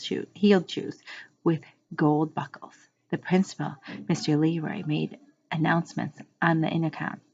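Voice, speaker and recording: A woman reading a children's book aloud to a class like a teacher, unhurried, pausing to explain words and correcting her slips. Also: lowish voice, warm tone. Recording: muffled lo-fi recording.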